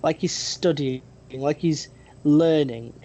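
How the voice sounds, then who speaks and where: A game master narrating a tabletop role-playing game, pausing often with ums and restarts. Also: medium pitch, dark tone, dull audio, slight background noise. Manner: hesitant, many ums and restarts.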